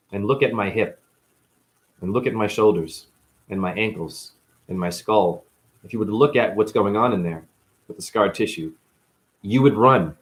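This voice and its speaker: A man's voice: fairly low pitch, fairly bright tone. Man vlogger, in chronic pain, raw profane monologue, blunt and rambling. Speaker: live-stream vlogger.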